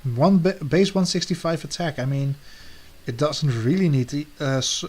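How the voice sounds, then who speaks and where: A man co-hosting a casual chat, talking relaxed and letting his sentences trail off softly. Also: on the high side, normal speed. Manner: relaxed, trails off with soft endings. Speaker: co-host ranking draft teams.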